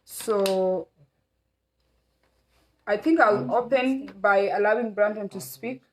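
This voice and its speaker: Middle-aged woman from Kenya, livestream host, rambling, filler-heavy, mid-pitched. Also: slow pace, a little hiss or hum, poor audio. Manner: warm, rambling, many fillers. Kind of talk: casual livestream chat.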